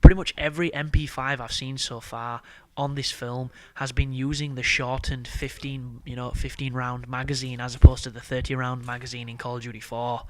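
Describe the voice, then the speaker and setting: A man's voice: mid-range voice, level tone, normal speed, a little mellow. Young guy chatting over a game, swears a lot, rambles off topic, laughs a bunch. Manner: rambling, profane, laughs often. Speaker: gameplay commentator. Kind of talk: casual gameplay commentary.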